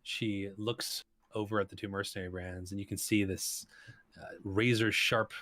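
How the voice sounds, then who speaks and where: A man narrating a tabletop session as game master, with plenty of ums and restarts. His voice sits low and is recorded dry and close. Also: little pitch movement, normal speed, a bit bright, dry recording. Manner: rambling, lots of fillers.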